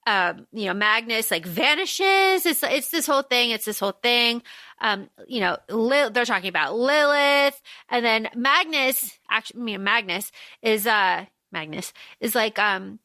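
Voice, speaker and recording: A woman's voice: on the high side, a little slow, no echo, studio quality. A woman co-hosting a podcast, chatting casually about a book and acting out characters' lines as she recaps. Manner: animated, acts out characters' lines mid-recap. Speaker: podcast co-host.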